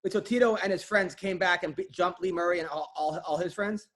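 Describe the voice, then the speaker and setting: High-voiced eager podcast host. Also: male voice, a little fast, a bit bright. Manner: eager, curious, stumbles over questions. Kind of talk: interview questions.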